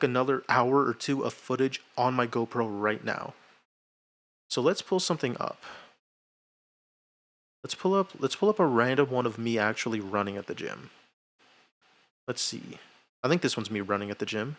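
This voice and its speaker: A man's voice: medium pitch, fairly bright tone. A young man streamer chatting casually and self-mockingly in a rambling way, laughing often. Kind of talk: casual livestream chat.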